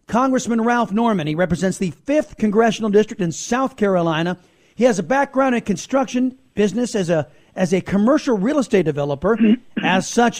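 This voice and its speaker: A man's voice: sits high, darkish tone. A man hosting a political podcast, talking in a combative, sarcastic, emphatic way. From United States. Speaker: podcast host. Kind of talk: opinionated political talk.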